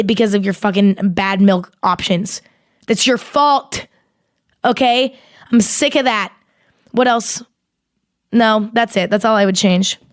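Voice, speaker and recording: A young woman hosting a casual solo podcast, rambling and swearing as she talks in an animated, exaggerated way into a close mic. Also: mid-range voice, dry recording. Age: young adult. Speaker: podcast host.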